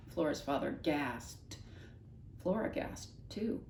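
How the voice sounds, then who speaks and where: Woman teacher reading a storybook aloud. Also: fairly low pitch. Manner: expressive read-aloud, pausing to explain words. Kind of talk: reading a children's novel aloud to a class. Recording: echoey room, mic at a distance, faint ambience.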